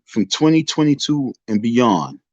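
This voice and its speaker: A man's voice: medium pitch, sing-song, a little slow, no echo. Preachy guy ranting at his stream chat, repeats himself a lot, cusses, muffled lo-fi dry sound. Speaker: livestream host. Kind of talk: casual livestream rant.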